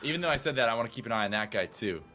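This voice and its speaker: A man's voice: medium pitch, animated, very fast, bright, forceful tone. A man describing his character's actions in a chatty way at a tabletop game. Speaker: player. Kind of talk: tabletop role-play.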